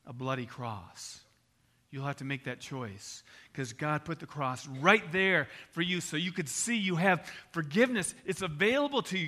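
Bright, animated older male preacher. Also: a little high. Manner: conversational and animated, with anecdotes. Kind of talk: evangelistic sermon.

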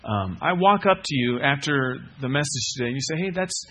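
A man's voice: medium pitch, lively intonation, a little fast, a bit bright. A middle-aged man preaching a sermon, earnest, repeating key phrases and putting questions to the listeners. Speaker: pastor.

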